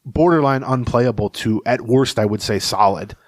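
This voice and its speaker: A man's voice: mid-range voice, normal speed, no echo, studio quality. Chatty man telling a clubhouse story. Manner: rambling anecdotal storyteller, chuckles while telling stories. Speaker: podcast co-host and beat reporter. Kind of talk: casual sports podcast chat.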